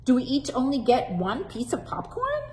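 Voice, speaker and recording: Woman reading as an excited little storybook girl, high and bouncy, lots of ups and downs. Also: normal speed. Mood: eager. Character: cheerful, eager little girl. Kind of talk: storybook read-aloud.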